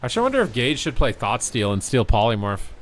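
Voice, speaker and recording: A man's voice: mid-range voice, a little hiss or hum. A tired man streaming live, calling game action play-by-play and chatting with viewers. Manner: quick play-by-play, rising excitement on big plays. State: tired, yawning. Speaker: streamer and esports commentator. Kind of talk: live game commentary and chat.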